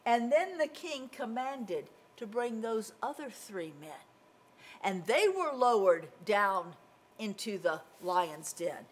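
Speaking at a slow pace in a voice that's a little high, a woman tells children a Bible story with animation, acting out the characters' voices.

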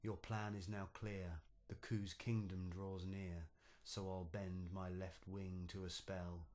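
Clever cormorant knight, read by a man, low voice, brisk, storybook poem. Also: level tone, darkish tone. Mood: knowing. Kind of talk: storybook verse reading.

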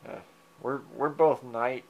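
A man at home chatting fondly to his cats while filming them, meowing at them and chuckling softly, recorded on a handheld camera. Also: medium pitch, fairly even intonation, slow, highs cut off. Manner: fond, coaxing pet talk, meows at the cats, soft chuckles. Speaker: cat owner filming his pets. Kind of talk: casual talk to his cats. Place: at home indoors. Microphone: handheld digital camera mic.

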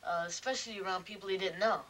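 A shy Brooklyn teen fan. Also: male voice, sits high, fairly even intonation, pushed and bright, recorded from a distance, poor audio. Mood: earnest. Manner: hesitant, halting, lots of ums. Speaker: fan club president. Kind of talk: film drama acting.

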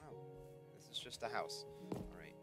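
A man giving casual, excitable let's-play commentary, chatting to the creatures he meets and yelping when they rush him. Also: medium pitch, moderate pace. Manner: excitable, talks to the creatures on screen, yelps in panic. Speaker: gameplay commentator. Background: game music.

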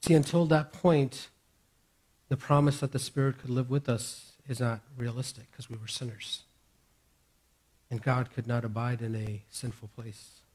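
A man preaching a sermon as pastor, moving between raised, emphatic declarations and hushed, near-whispered reassurances. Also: mid-range voice, fairly even intonation, measured pace, slightly rough.

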